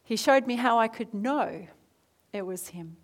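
A woman preacher in her thirties leading a prayer, then telling her story with lively asides and soft near-whispered moments. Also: on the high side, unhurried. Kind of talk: sermon with prayer.

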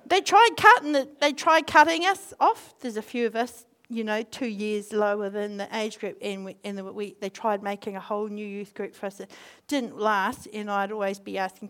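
A woman giving an informal sermon, mixing scripture with animated personal stories. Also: medium pitch, moderate pace. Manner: animated, acts out quotes in voices, laughs. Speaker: speaker.

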